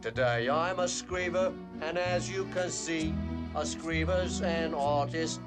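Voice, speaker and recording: An actor playing a cheerful street chalk artist in a TV drama clip, with loud music behind him. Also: male voice, a little high, slow.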